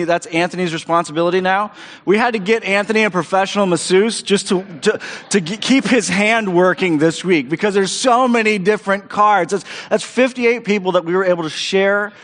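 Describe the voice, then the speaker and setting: Pastor, male, high voice, preaching live in a hall with long reverb, eager and repetitive. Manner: enthusiastic, repeats words and restarts phrases. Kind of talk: sermon. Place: church auditorium stage.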